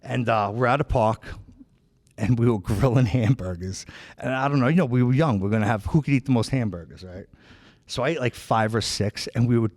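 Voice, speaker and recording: A man's voice: mid-range voice, darkish tone. A man with a New York accent telling rambling, profane stories as a podcast host, tossing in "right?" and "bro" constantly. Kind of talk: casual chat. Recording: long hall reverb.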